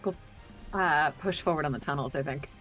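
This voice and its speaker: A woman's voice: sits low, moderate pace, fairly bright tone, faint music behind. A woman playing a character in a live tabletop role-playing game, thinking aloud and taking her time. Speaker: player.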